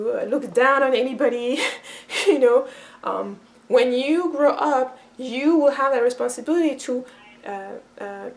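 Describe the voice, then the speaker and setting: A cultural teacher with a high-pitched voice gives a relaxed, explanatory monologue. Thinking aloud, she repeats and restarts phrases, circling back on her words. She animates quoted speakers with lively shifts in her voice.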